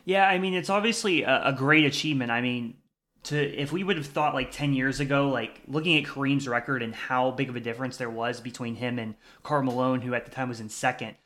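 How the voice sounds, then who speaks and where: A man's voice: mid-range voice, brisk, fairly bright tone. A man co-hosting a casual sports talk show, chatty with frequent restarts. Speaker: sports podcast co-host.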